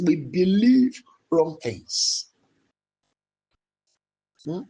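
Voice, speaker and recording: A Nigerian man preaches in a high-pitched voice at a slow, weighty pace. He leads his listeners in prayer, pleading and building to loud shouts. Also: rough recording. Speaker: pastor. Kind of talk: sermon and led prayer.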